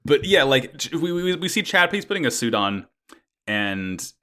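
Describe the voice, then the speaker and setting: A man co-hosting a casual anime recap podcast, talking in a lively way, swearing casually and laughing easily. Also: a little high, moderate pace. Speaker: podcast co-host.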